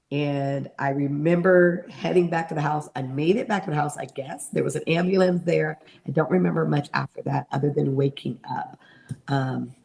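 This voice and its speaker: A middle-aged woman speaks low and gravelly as an interview guest. She tells her story earnestly and slips into the voices she remembers. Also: darkish tone. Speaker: interview guest, mentor and therapist. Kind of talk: personal testimony in an interview.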